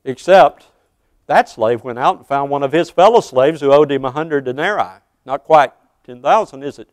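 A man's voice: medium pitch, moderate pace, no echo. Man in his sixties preaching a sermon. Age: 60s. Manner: earnest, asks the congregation questions. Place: church.

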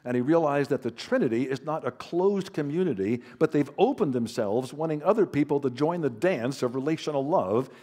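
A man gives an anecdotal teaching talk to a large audience in a hall. He speaks conversationally, with some fillers and restarts. He leans on personal stories and gentle self-deprecating humor. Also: medium pitch. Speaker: Christian author and counselor speaking at a conference.

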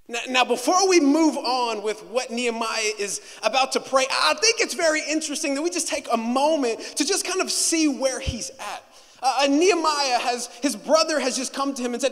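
A pastor with a very high-pitched, animated voice delivers a sermon in a church sanctuary, the sound carrying a long hall reverb. He swings from hushed, slow reflection to loud, rising preaching, repeating words and restarting phrases often.

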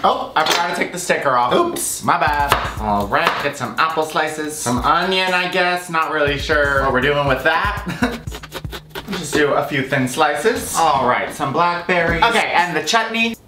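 A man's voice: fairly high pitch, lively intonation, unhurried, background noise. A man hosting a food vlog from his kitchen, playful and chatty, laughing often as he eats. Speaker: food vlogger. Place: home kitchen. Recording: echoey kitchen with music under.

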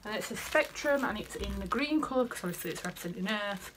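A young woman vlogs casually from inside her family home, bubbly and rambling as she gushes over things. Her medium-pitched voice has lively intonation and she talks fast, with background noise behind her.

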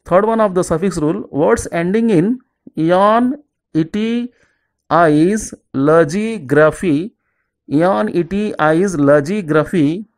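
A teacher talks a class through exam preparation at a middle pitch. The lesson moves in steady, repetitive drills, with each example word set apart slowly and lower before it is repeated. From southern India. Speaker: English teacher. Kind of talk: exam-prep grammar lesson.

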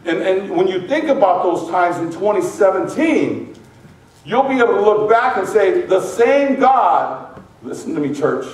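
A man preaching as pastor to his congregation, lively and joking with the people in the pews. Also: high voice, measured pace. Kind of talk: sermon. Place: large church sanctuary. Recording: echoey church from a distance.

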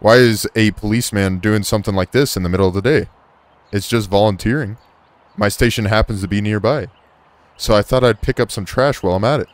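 A man's voice: lowish voice, brisk, no room sound, natural voice. A man reading aloud the lines of a polite, creepy male police officer from a horror game.

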